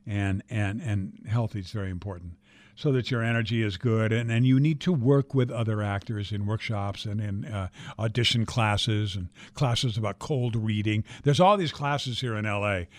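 A man's voice: on the low side, moderate pace, no echo. An older man, a guest actor, telling stories in a casual interview, talking animatedly, repeating words and swearing freely.

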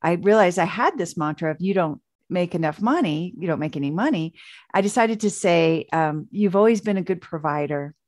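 A woman's voice: fairly low pitch, expressive, moderate pace, a little mellow, no room sound, clean studio sound. A woman coach, a guest in an interview, telling stories in a chatty way full of fillers and restarts. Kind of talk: casual storytelling interview.

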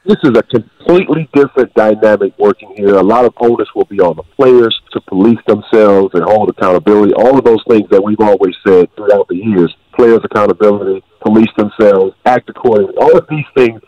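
Brief: male radio guest, fast, emphatic, lo-fi dry sound. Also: no echo. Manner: emphatic, rising up in pitch when making a point. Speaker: guest, former NBA player. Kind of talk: sports radio talk.

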